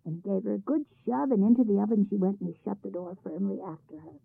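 A woman narrates a folk tale with an expressive, lively read. Her voice is husky with a gravelly edge. It sounds dry and tinny, like it comes through a phone line. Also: mid-range voice, fast, hardly any pauses, dry recording. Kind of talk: storybook narration.

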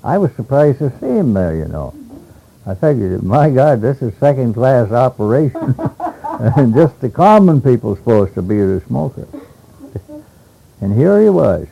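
An older man from Alaska recalling old stories in a rambling, halting way, with many hesitations and chuckles, on a dull lo-fi tape. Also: medium pitch, big pitch swings, gravelly, mellow, slight background noise. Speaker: interviewee. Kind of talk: oral history reminiscence.

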